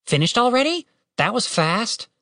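Man putting on a high, excitable little adventurer, swears a lot, storybook character, dry sound. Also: moderate pace, no room sound, exaggerated voice. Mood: chatty. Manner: loud, eager, swearing. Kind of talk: audiobook character voice.

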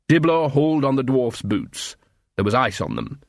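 A man's voice: medium pitch, huge pitch swings, normal speed, creaky, dry recording, clean studio sound. A man reading a storybook aloud as narrator. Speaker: audiobook reader. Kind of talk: scripted narration.

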